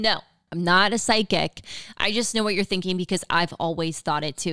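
A woman's voice: mid-range voice, brisk, bright, forceful tone, clear, resonant tone, no room sound, studio quality. A young woman hosting a solo podcast, chatting casually and upbeat with lots of fillers and a valley-girl lilt. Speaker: podcast host.

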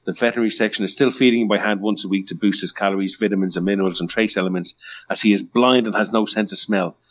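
A man's voice: fairly low pitch, steady tone, quick pace. A man co-hosting a podcast in casual chat, joking, swearing and reading news items aloud. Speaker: podcast co-host.

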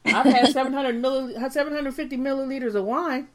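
A woman's voice: high voice, steady tone, brisk, heavy background noise. Woman co-host, casual and giggly, hesitant with fillers. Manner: giggly, rambling with many ums. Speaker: podcast co-host. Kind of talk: casual chat.

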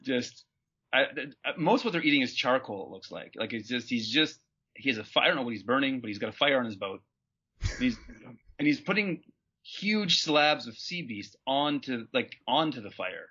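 Male podcast co-host, halting deadpan delivery, bright and husky. Dull lo-fi audio. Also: mid-range voice. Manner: rambling, halting, deadpan jokes. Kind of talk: casual comedic chat.

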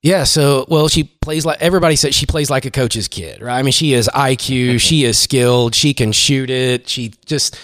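Middle-aged male coach, lively storyteller, dry close mic. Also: medium pitch, moderate pace, hardly any pauses, dry recording. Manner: animated storyteller, acts out quotes. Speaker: women's basketball coach. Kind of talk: casual podcast chat.

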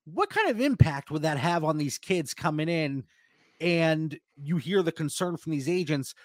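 A man's voice: a little high, lively intonation, moderate pace, dry recording, clean studio sound. Chatty self-deprecating male podcast host. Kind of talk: casual podcast chat.

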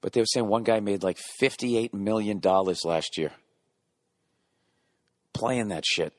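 A man's voice: on the low side, a little slow, no room sound, clean studio sound. A man in his forties doing a rambling, profane comedic monologue, often interrupting and correcting himself. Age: 40s.

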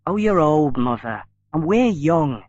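A man voicing a quick-tempered young man answering sharply and defensively. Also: a little high, sing-song, a little mellow, dry recording, muffled recording.

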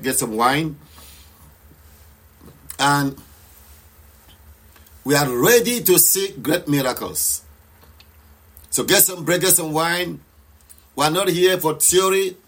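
A man's voice: a little high, fairly bright tone. A man preaching and leading a live prayer session, urging listeners to declare aloud and pray with passion. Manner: repeats declarations with rising intensity. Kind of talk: fervent live sermon and prayer.

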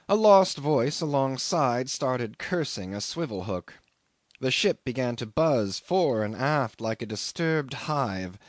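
A man reading a classic novel aloud as a measured, expressive narrator. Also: mid-range voice, dry recording, studio quality. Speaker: audiobook reader. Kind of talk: scripted narration.

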